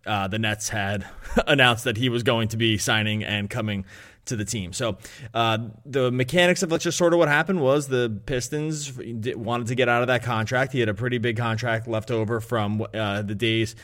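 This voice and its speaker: A man's voice: medium pitch, moderate pace, fairly bright tone. A man co-hosting a sports podcast in casual chat, rambling and correcting himself as he goes. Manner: rambling, self-correcting, chuckles. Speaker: podcast co-host, betting analyst.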